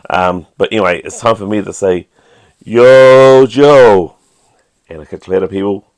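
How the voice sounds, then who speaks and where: A man's voice: low voice, fairly even intonation, quick pace. A middle-aged man with a New Zealand accent, hosting a casual toy-collecting vlog in a chatty, self-deprecating way. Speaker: toy collector channel host.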